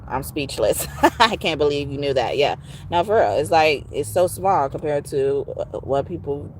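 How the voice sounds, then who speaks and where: A woman's voice: low-pitched, darkish tone, slight background noise. A woman giving a casual tarot reading, talking bluntly with profanity and frequent laughter. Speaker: tarot card reader.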